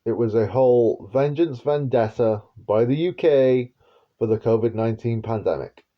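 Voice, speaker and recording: A man's voice: medium pitch, normal speed, highs cut off. A man giving a rambling prophetic monologue as an online preacher, repeating himself and chuckling with half-sarcastic asides.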